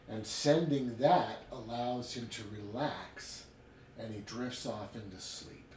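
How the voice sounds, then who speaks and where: A man reviewing a book in a casual chat, retelling it in an animated way with chatty asides. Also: mid-range voice, slow, a little hiss or hum. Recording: roomy sound from a distant mic with faint ambience.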